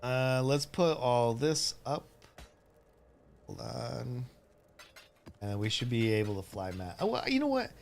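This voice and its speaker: A man's voice: mid-range voice, very animated, takes it slowly, creaky, long pauses, darkish tone, a little hiss or hum. A man streaming a game, chatting casually in a rambling way that keeps breaking off and often turns into laughter. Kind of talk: casual live-stream chat.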